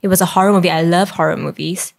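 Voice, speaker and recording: A woman's voice: fairly low pitch, quick pace, creaky. A woman in her twenties with a Malaysian English accent, chatting casually and giggling often. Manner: giggly, expressive. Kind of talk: casual chat.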